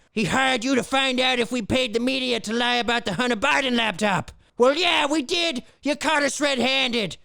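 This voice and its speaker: Hot-headed blustering interrogator as a man plays him, high and gravelly, cartoon satire. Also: no echo, clean studio sound, exaggerated voice. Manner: blustering, shouting threats.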